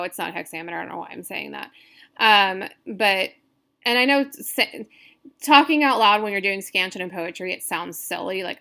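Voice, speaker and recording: A woman's voice: mid-range voice, creaky, a bit bright. A woman teaching a poetry class in a recorded lecture, thinking aloud, hesitant and often correcting herself. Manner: counts stresses aloud. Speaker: poetry instructor. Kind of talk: recorded screen-share lecture.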